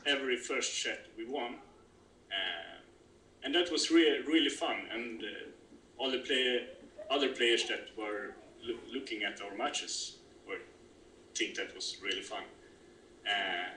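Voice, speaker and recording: A man with a Swedish accent, interviewed over a video call, speaking in a halting way with many fillers and restarts. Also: mid-range voice, pushed and bright. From Sweden. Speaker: interview guest, kubb player. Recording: roomy call audio with faint noise.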